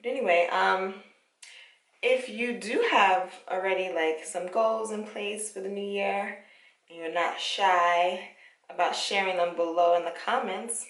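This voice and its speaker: Chatty young woman, gravelly, in an echoey room. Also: medium pitch, distant mic. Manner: chatty, encouraging, laughs often. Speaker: vlogger. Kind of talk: casual chat while taking out hair. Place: her parents' home, indoors.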